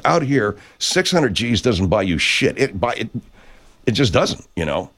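Animated, swearing middle-aged man. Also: mid-range voice, moderate pace. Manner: rambling, profane, animated. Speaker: livestream host reading chat. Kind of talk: casual chat.

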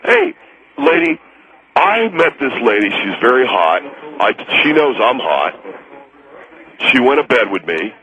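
A man's voice: mid-range voice, wildly swooping pitch, a little slow, gravelly, pauses often, bright, forceful tone, husky, full character voice. A man voicing a cocky young male telemarketer in a radio comedy bit, smug and nasal, boasting about himself. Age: 20s. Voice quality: nasal, slurred speech. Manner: smug, boastful sweet-talker. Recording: dull radio broadcast sound.

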